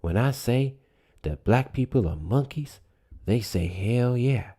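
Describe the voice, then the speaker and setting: A man's voice: medium pitch, lively intonation, takes it slowly, warm tone, pitched above the performer's own voice. A man mimicking a smug, stubborn bigoted voter in a taunting, sing-song way. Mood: smug mocking. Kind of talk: mocking impression.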